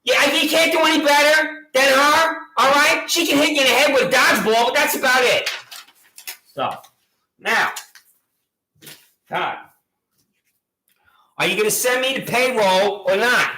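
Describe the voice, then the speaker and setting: A man rants at a sheriff in a mocking, badgering tone and keeps repeating his taunting questions. His voice sits very high and sounds sharp and bright. The room around him is echoey. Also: unhurried, long pauses, slight background noise. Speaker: local gadfly taunting a sheriff. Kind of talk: ranting monologue addressed to a sheriff.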